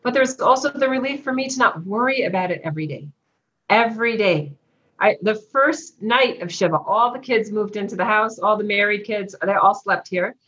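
Middle-aged lady talking straight, bit of gallows humor, kinda muffled audio. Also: mid-range voice. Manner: frank, with dark gallows humor. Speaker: guest. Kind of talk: candid interview talk. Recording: slightly dull lo-fi sound.

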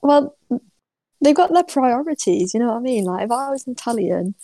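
A woman's voice: a little high, expressive, fairly quick, warm tone, no echo. An English woman co-hosting a podcast, chatting casually and teasing her co-host. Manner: laughs along, teasing. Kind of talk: casual comedic chat.

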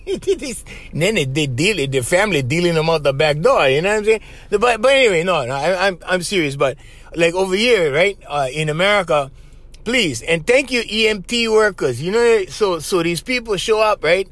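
On his casual solo podcast, this host from Hawaii chats and jokes in heavy Hawaiian Pidgin, addressing everyone as "bro." He sounds high, bright and forceful, captured in a close, dry recording without any room tone.

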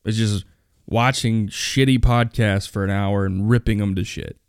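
A man's voice: on the low side, fairly even intonation, normal speed, smooth, dry recording, clean studio sound. A young man hosting a solo podcast, ranting bluntly and with plenty of swearing. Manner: blunt, profane, complaining. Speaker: podcast host.

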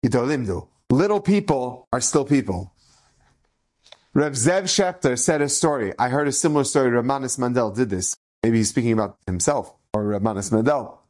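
Animated male rabbi telling stories. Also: medium pitch, normal speed. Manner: animated, acts out quoted speech. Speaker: rabbi, inspirational speaker. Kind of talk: storytelling Torah talk.

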